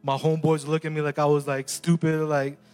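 A man's voice: on the high side, level tone, brisk, darkish tone, clean tone, soft background music. A young man telling a personal faith testimony in an earnest, emotional way, with many fillers and restarts.

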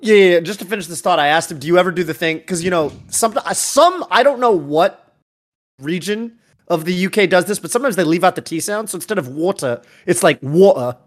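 A male podcast host with a slightly high voice. He rambles through his stories in casual chat and mocks himself as he goes. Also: lively intonation, fairly quick. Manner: rambling, self-mocking.

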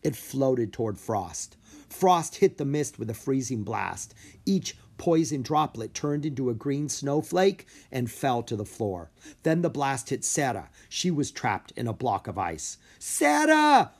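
Lively, expressive man reading a storybook. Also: medium pitch, a little slow, breathy edge. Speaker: audiobook reader. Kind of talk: children's book narration.

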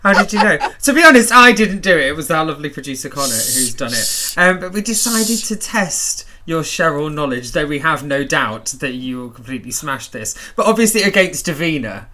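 A man hosting a chat and running a quiz, giggly and quick to laugh. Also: very animated, noisy background. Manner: giggly, quick laughs, wildly swinging pitch. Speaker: podcast host, quiz master. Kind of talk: casual chat.

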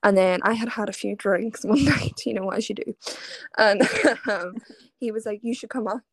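A woman's voice: mid-range voice, normal speed, dry recording. A young Irish woman in her twenties, a podcast guest telling a long casual story and laughing often. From Ireland. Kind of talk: casual chat.

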